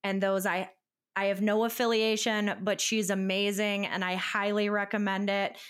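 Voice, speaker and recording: A woman's voice: mid-range voice, flat delivery, moderate pace, smooth. A woman co-hosting a casual podcast, talking in a reassuring way and laughing easily. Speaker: podcast co-host. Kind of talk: casual chat.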